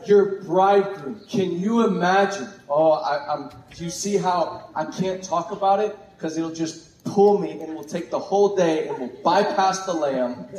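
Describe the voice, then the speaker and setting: A man preaching a sermon with exuberant, animated delivery. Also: a little high, background noise. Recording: echoey room from far off.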